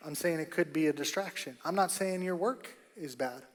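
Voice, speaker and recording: Pastor, man, high-pitched, emphatic sermon delivery, long church-hall reverb. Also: moderate pace. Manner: emphatic, rising to loud bursts, repeats key phrases. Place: church auditorium.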